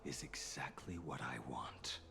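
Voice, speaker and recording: A man voicing a grim immortal swordsman bent on vengeance, speaking slowly and solemnly in a hushed, breathy half-whisper. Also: extremely low pitch, heavily acted. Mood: grim, menacing. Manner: slow, solemn, menacing. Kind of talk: video game voice acting. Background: game music.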